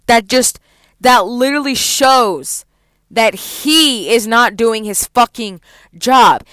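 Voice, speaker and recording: A woman's voice: a little high, slow, a bit bright, dry recording. A young adult woman, a college student, venting in a heavily profane, heated vlog rant.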